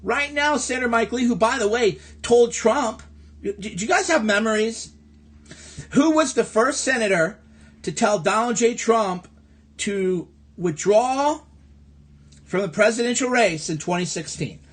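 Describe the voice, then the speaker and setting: A man from the American Midwest delivers an angry, profane livestream rant into his phone. His voice sits high for a man, and he hammers his points through sarcastic repetition. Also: expressive, measured pace. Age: adult. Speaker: livestream host. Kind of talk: ranting political livestream monologue.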